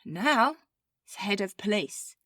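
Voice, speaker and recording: A woman's voice: mid-range voice, expressive, unhurried, bright, forceful tone, no echo. Woman, podcast co-host, casual chat, chatty storyteller, dry sound. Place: living in Bermuda as an expat.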